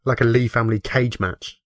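A man co-hosting a casual podcast, teasing the others with quick jokes. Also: mid-range voice, no echo. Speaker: podcast co-host. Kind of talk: casual chat.

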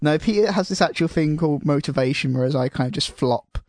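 A man's voice: fairly high pitch, fast, a little mellow, dry recording, studio quality. Man hosting a podcast, rambling. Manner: rambling, self-deprecating, swears casually. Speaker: podcast host. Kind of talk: casual chat.

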